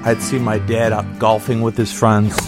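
A man's voice: fairly low pitch, completely flat delivery, normal speed, over loud music. Wry middle-aged man telling a story. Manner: conversational, wry, nostalgic. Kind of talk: personal storytelling.

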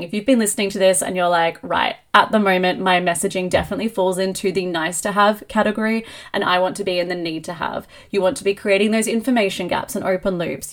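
A woman hosting a solo business podcast, talking in an energetic, emphatic coaching tone. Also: lowish voice. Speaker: podcast host and marketing coach.

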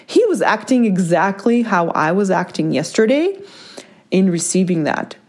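Mom talking to camera, mid pitch voice, chatty, lots of "right?", speeds up then slows down. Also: female voice, big pitch swings, darkish tone. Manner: chatty, often checks in with "right?" and "like"; pace speeds up and slows down within a sentence. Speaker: mother sharing a personal story. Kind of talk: casual reflective monologue.

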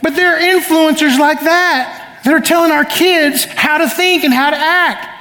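A man's voice: extremely high pitch, normal speed, bright, forceful tone. A middle-aged man preaching a sermon as pastor, speaking emphatically and calling on the congregation to answer back. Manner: emphatic, calls for audience responses. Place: church sanctuary. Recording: long reverb of a church hall.

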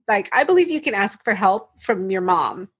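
A woman comedian as a podcast guest, talking casually in an expressive, earnest way and laughing easily. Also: medium pitch, normal speed, slightly rough. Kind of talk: casual chat.

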